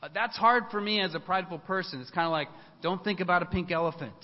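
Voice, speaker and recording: A man's voice: high voice, fast. A man giving a sermon in a conversational way, telling a personal story with many fillers and restarts. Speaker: preacher. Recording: muffled sound with long hall reverb.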